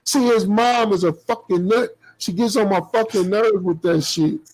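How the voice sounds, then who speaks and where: A man's voice: sits high, moderate pace, a little mellow, rough recording. A man co-hosting a casual family talk show, telling stories in a laid-back, slangy and profane way. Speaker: podcast co-host. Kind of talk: casual chat.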